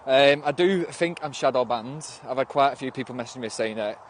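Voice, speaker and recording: Reading out viewer comments and responding on his phone livestream, a young Northwest England man with a Northern accent speaks in a mid-range voice, briskly. He rambles, restarts often, swears from time to time, and snaps back at commenters, with a slight background noise.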